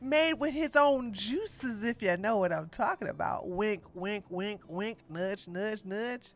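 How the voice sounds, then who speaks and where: A woman's voice: mid-range voice, animated, slow pace, pitched below the performer's own voice. A woman putting on a flamboyant, sassy man just out of jail, campy and drawling. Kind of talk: mocking podcast impression.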